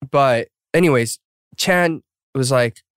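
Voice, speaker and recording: A man's voice: medium pitch, takes it slowly, fairly bright tone, dry recording, clean studio sound. A man in his thirties hosting a podcast, telling stories in a chatty way and laughing often. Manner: chatty, laughs often, shifts into quoted voices. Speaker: podcast host. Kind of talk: casual storytelling chat.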